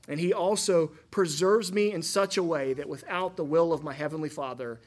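A man preaching a sermon in an emphatic, conversational way, often checking in with his listeners through rhetorical questions. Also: fairly high pitch. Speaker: pastor.

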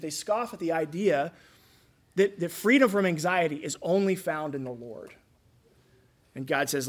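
A man preaching a sermon in a conversational way, acting out the voices he quotes. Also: fairly high pitch. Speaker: pastor.

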